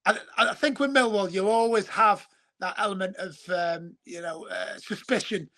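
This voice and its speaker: Chummy high-voiced man. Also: moderate pace, sharp tone. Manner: rambling, chummy, calls everyone mate. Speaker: guest, football show presenter. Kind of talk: casual chat.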